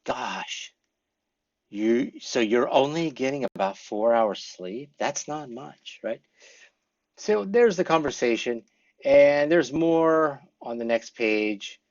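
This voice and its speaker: Lively man teaching an English class. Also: mid-range voice, slow, muffled recording. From English-speaking foreigner living in Korea. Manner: lively, acts out example responses. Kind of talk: classroom lecture.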